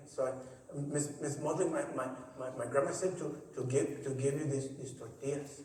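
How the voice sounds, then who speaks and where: A man giving a personal storytelling speech at a forum, animated and full of repeated starts as he acts out the people in his tales. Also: mid-range voice, fairly quick. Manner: animated, repetitive, acts out voices. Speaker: forum speaker. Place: college theater stage. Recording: echoey theater hall, distant mic.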